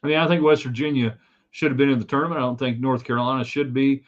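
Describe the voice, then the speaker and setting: A man's voice: medium pitch, fairly even intonation, quick pace, muffled recording. Opinionated male sports talk host. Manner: opinionated, rambling with asides. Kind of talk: live sports talk stream.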